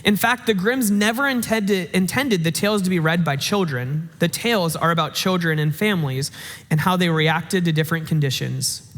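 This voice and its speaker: A young man with a notably high voice preaches in a relaxed, conversational way, full of fillers and restarts. His words ring out with a long reverb tail from the church hall. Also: normal speed. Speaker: pastor. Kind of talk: sermon. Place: church sanctuary.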